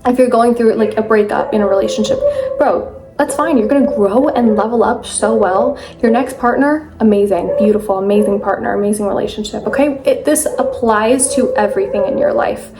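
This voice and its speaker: A young woman giving an earnest, emphatic motivational talk to camera in a casual vlog, quick and full of fillers. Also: mid-range voice, loud music behind the voice. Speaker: mindset vlogger.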